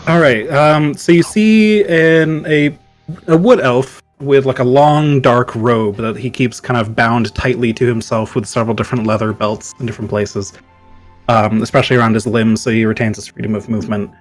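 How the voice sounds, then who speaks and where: A man player describing his character in a tabletop game, pausing with ums as he searches for words. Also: medium pitch, fairly even intonation, faint music behind.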